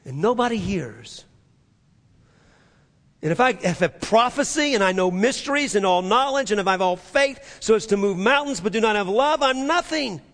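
A male pastor preaching a sermon in a church, swinging from loud, emphatic passages to near-hushed ones. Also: sits high, expressive, normal speed, in a large hall.

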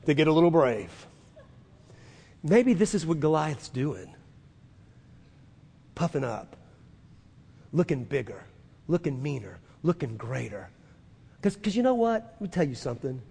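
A man preaching a sermon as pastor, emphatic, building to loud declarations and leading listeners to repeat after him. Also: on the high side, sing-song, unhurried, vocal fry, pauses often, breathy edge. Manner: leads listeners in call-and-repeat confessions. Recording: long reverb of a large hall.

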